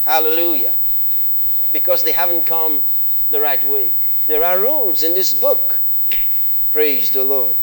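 A man's voice: on the high side, lively intonation, a little slow, pauses often. A man preaching a sermon, repeatedly questioning the congregation and pressing his points with emphatic repetition. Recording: long hall reverb, faint noise.

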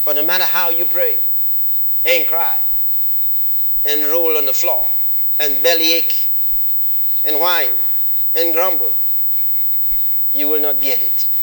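A man's voice: a little high, pushed and bright. Preacher questioning his congregation in a reverberant hall. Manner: questions the congregation, repetitive and emphatic. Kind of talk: sermon. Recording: long hall reverb, faint noise.

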